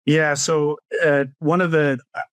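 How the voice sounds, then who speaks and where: A man with a fairly high pitch, flat delivery, and clean tone speaks a little slowly in a dry recording. A clinical social worker and parenting coach appearing as a guest, he thoughtfully explains his views in a casual interview, frequently tagging on "right?"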